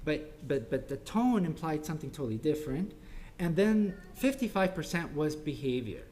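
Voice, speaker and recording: A man giving an informal parenting talk at a church, halting with many ums and restarts, dropping softly into quoted voices. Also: fairly high pitch, sing-song, slight background noise.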